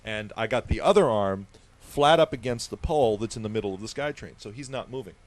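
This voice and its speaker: A man's voice: fairly low pitch, brisk. A man on a radio talk show telling a story with wry humor and acting out the quotes. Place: radio studio.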